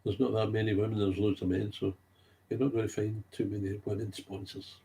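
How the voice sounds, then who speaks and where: A man tells a story in a loose monologue, his voice low and dark in tone. He gets agitated and says his strongest points twice. A faint hum sits under his voice. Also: flat delivery, a little fast, gravelly. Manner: emphatic, repeats key phrases, gets agitated.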